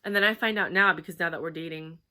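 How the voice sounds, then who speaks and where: A woman's voice: on the low side, fast talker, bright, forceful tone. A woman in her thirties telling a personal story in a candid, rambling vlog, full of fillers and swearing. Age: 30s. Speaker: vlogger.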